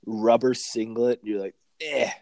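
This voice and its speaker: A man's voice: mid-range voice, fairly even intonation, normal speed, gravelly, a little mellow, no room sound. A young man chatting casually as a podcast co-host, rambling and swearing constantly. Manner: crude, profane, rambling. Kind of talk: casual chat.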